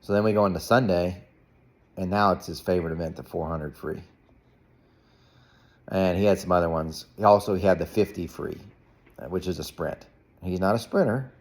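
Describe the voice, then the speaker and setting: A man's voice: moderate pace, long pauses. A man casually telling a rambling story as a parent, with frequent restarts and fillers. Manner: rambling, animated, jumps to a high voice when quoting himself. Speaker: parent vlogger.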